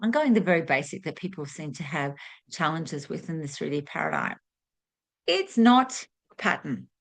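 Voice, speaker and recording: A woman's voice: low voice, expressive, brisk, gravelly, fairly bright tone. A woman giving a spiritual teaching monologue to camera, earnest and fond of repeated rhetorical questions.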